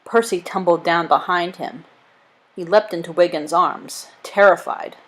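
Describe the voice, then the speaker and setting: A woman reading a chapter book aloud as narrator, in a clear, lively way. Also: lowish voice, measured pace, poor audio. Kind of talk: storybook read-aloud.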